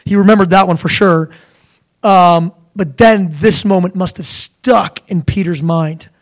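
A young man preaching a sermon in a lively, conversational way, now and then acting out voices of biblical figures. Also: high-pitched, a little slow.

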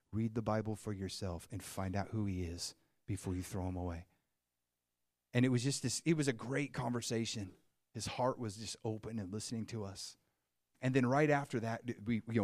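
Animated male preacher, dry close sound. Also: on the low side, no room sound. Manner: animated storyteller, swings from quiet to excited. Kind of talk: sermon with storytelling.

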